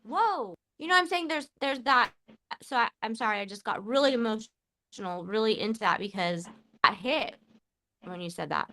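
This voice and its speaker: A woman's voice: on the high side, animated, bright, forceful tone. A woman in her forties hosting a podcast, talking with raw emotion, swearing often and restarting her sentences. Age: 40s. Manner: impassioned, swearing, halting restarts. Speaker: podcast host. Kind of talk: emotional casual chat.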